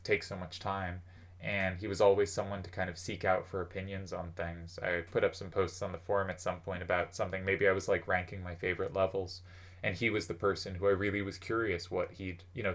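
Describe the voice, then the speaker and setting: Thinking out loud with plenty of fillers, this host casually walks through the past of a card game's players. He has a low voice that's a bit bright.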